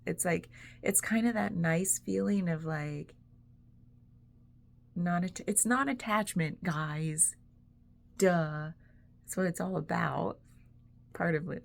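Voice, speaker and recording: A woman's voice: lowish voice, creaky. A woman vlogger talking in a casual, rambling way, full of "like"s and easy laughs. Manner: rambling, chatty, laughs often, many "like"s. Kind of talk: casual reflective monologue.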